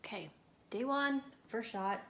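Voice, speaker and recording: A woman's voice: a little high, measured pace, vocal fry, reverberant, heavy background noise. A young woman directing and acting in a film in a small apartment, chatting casually between takes and laughing at herself, recorded on a phone camera. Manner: giggly, self-deprecating asides. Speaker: actress and director. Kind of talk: casual behind-the-scenes chat.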